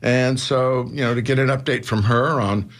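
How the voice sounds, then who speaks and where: A man's voice: medium pitch, steady tone, normal speed. A man, a newspaper publisher, explaining his views earnestly as a guest in a radio interview. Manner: earnest, explanatory, builds to rhetorical questions. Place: radio studio.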